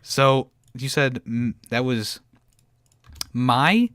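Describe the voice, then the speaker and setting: A man's voice: mid-range voice, very slow, a bit bright, no room sound. A man hosting a podcast in casual chat, playing a teasing quiz-master. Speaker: podcast host.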